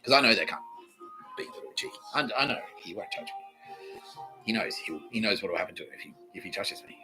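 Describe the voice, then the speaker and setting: A man's voice: on the low side, animated, fast talker, over music, poor audio. An Australian man hosting a podcast, telling a rambling, profane comic story and laughing between phrases. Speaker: podcast host.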